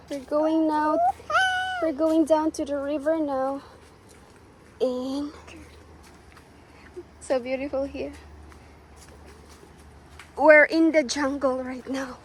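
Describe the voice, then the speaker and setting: A woman vlogging outdoors with her toddler, talking gently and switching between English and Cebuano. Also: high-pitched, steady tone, very slow, long pauses. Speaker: vlogger mother. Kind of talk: casual vlog narration. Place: outdoors by a river in a rural area. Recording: faint outdoor background noise.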